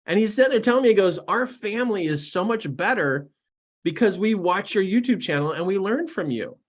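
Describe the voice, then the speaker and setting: A middle-aged man, a personal development coach, telling stories and giving a motivational talk in an excitable, animated way. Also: high voice, a little fast. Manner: animated and excitable, laughs at his own stories. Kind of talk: storytelling to camera, motivational talk.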